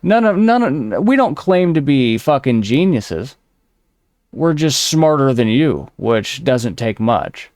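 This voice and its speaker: Smooth-voiced man ranting mockingly. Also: fairly high pitch, very animated, a little slow, a little mellow, no echo, clean studio sound. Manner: mocking, ranting, heavy swearing. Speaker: host reacting to clips. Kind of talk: profane reaction commentary.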